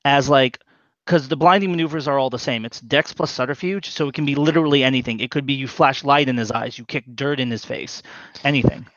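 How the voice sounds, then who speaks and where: A man at a mid pitch runs a tabletop role-playing game, working through the rules with lots of pauses and fillers. The sound is dry, close and a little muffled. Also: a bit bright, dry recording. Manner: halting, explains rules with many fillers. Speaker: game master.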